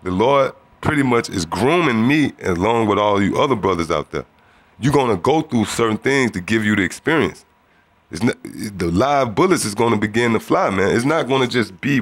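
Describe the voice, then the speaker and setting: A man shares a religious testimony in a relaxed storytelling manner. His voice sits fairly low, and he acts out the other people in the story as he talks. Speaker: testimony speaker.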